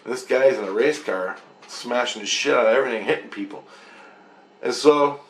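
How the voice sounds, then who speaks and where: A man tells a long, rambling story in casual, profane language and retells the events animatedly. His voice is gravelly and sits at a middle pitch. The recording has a roomy echo. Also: moderate pace, a bit bright.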